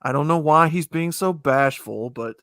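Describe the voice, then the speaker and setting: A man's voice: fairly high pitch, moderate pace, fairly bright tone, dry recording, studio quality. A man on a casual online call who keeps things playful and giggly. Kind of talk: casual crude banter.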